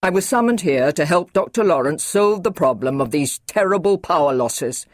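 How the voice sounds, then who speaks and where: A woman's voice: lowish voice, expressive, moderate pace, dry recording, clean studio sound, lightly acted. A woman reading an audiobook, voicing a stern male army brigadier who talks in a firm, clipped, commanding way.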